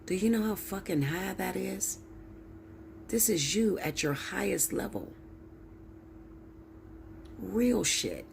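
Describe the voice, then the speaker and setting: A woman's voice: medium pitch, expressive, unhurried, creaky, a little hiss or hum. A woman tarot reader ranting straight to her viewers, blunt, preachy and heavy with swearing. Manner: blunt, profane, emphatic, preachy. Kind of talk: ranting direct-to-camera monologue.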